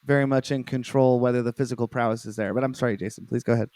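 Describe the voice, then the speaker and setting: A man's voice: mid-range voice, steady tone, rapid-fire, darkish tone, no room sound. A man in casual film podcast chat, enthusiastic and apologetic, correcting himself as he talks. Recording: dry close mic.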